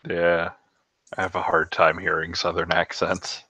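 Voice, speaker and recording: A man's voice: deep voice, monotone, a little slow, bright, forceful tone, slightly rough. A man chatting casually on a podcast, hedging his words and laughing easily. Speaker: podcast co-host. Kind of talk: casual chat. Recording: dry, muffled lo-fi mic.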